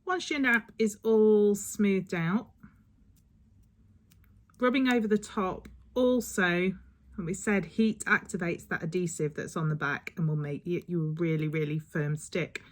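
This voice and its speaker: A woman's voice: fairly low pitch, a little slow. A woman talking through a step-by-step nail tutorial in a chatty, instructive way that sometimes rambles. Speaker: beauty vlogger.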